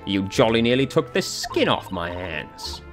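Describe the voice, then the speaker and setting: Dude doing a blustery old army guy, pompous and hearty, bounces around in pitch. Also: big pitch swings, a little slow, music in the background. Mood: blustering. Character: blustering older retired army man.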